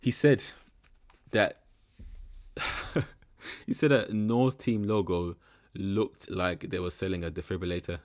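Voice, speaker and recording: A man's voice: deep voice, fairly even intonation, takes it slowly, pauses often. A young man giving rambling, frank commentary in a casual reaction video. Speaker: reaction channel host.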